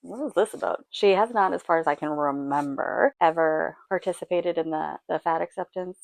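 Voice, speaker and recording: A woman's voice: fairly low pitch, moderate pace, creaky, no echo. A woman hosting a reaction video, talking casually with blunt, sarcastic remarks and frequent "like"s.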